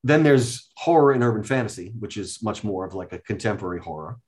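A man, a guest, explaining things step by step in a casual talk, often pausing with "um". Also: lowish voice, lively intonation, darkish tone, a little hiss or hum. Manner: explains methodically, with many hesitations and "um"s. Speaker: guest, card deck inventor.

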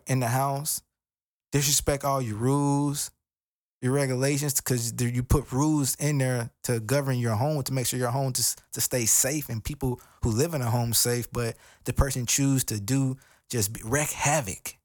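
A man's voice: medium pitch, no room sound. Earnest man preaching informally, dry sound. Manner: conversational and earnest, with repeated phrases and slang. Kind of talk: informal sermon.

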